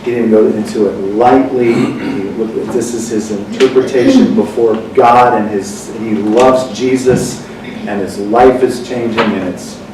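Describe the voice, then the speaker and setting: A man's voice: on the low side, a little slow. A man telling a personal story in a casual chat, rambling and correcting himself as he goes. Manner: rambling, self-correcting, animated when quoting others. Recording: echoey room from far off with noise.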